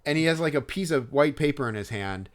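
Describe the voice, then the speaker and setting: A man's voice: fairly high pitch, animated, quick pace. A man co-hosting a podcast, telling a story in casual chat, rambling and hesitant with many fillers and restarts. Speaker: podcast co-host.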